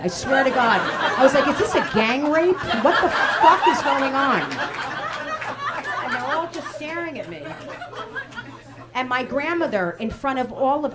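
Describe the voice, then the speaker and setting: High-voiced woman comedian on stage. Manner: wry, exasperated storytelling. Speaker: stand-up comedian. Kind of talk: stand-up routine. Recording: live club with loud crowd laughter.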